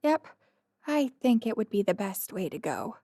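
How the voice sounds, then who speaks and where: A woman's voice: mid-range voice, big pitch swings, normal speed, warm tone, no room sound, studio quality. A woman voicing the inner thoughts of an embarrassed, self-mocking young woman in a mortified tone.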